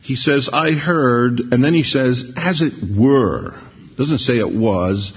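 A middle-aged man preaching a sermon in a conversational, storytelling way, slowing down to read scripture. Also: mid-range voice, breathy edge. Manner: conversational, anecdotal, slows down for scripture reading. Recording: dull lo-fi sermon recording.

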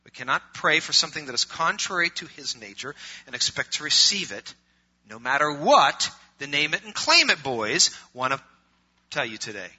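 A middle-aged male pastor preaching a sermon, swinging from loud emphatic preaching to quiet conversational asides. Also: fairly high pitch, very animated, normal speed, breathy edge. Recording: muffled lo-fi recording.

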